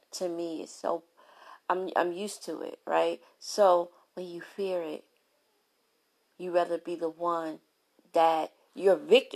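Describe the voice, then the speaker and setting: A woman giving a candid motivational talk on relationships, telling stories with lively, playful asides. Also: on the low side, vocal fry. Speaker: relationship speaker.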